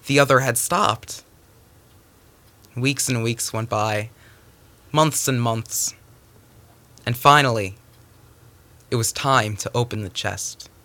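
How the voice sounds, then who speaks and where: A man telling a folktale aloud, animated, with stumbling restarts and sudden hushes. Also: mid-range voice. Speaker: storyteller.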